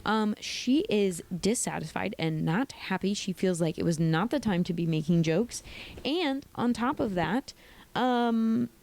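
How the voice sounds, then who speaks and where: A young woman hosting a casual reality TV recap, sassy and opinionated, with animated asides. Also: mid-range voice, measured pace, vocal fry. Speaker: recap host.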